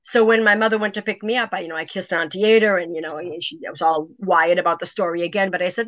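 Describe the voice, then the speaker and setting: A middle-aged woman, telling a personal story in an interview, animated and full of "you know" fillers. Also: fairly low pitch, fast talker, few pauses, dry recording. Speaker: author guest. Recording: dry, dull lo-fi sound.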